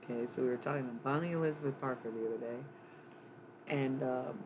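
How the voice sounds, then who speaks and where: A woman's voice: extremely low pitch, very animated, fairly quick, darkish tone, a little hiss or hum, rough recording. A woman livestreaming a casual psychic reading. She rambles loosely, swears freely and thinks aloud with lots of fillers. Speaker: live streamer giving a psychic reading. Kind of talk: casual live-stream chat.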